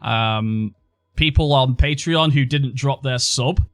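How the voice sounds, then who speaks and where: A man's voice: medium pitch, slow, clean tone, no echo. A man streaming casually, sarcastic and joking, jumping between topics.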